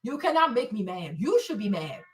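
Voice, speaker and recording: A woman's voice: mid-range voice, sing-song, brisk, recorded from a distance. Blunt, profane woman ranting. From Africa. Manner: blunt, profane, confrontational, keeps asking "right?". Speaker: livestream host. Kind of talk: solo ranting commentary.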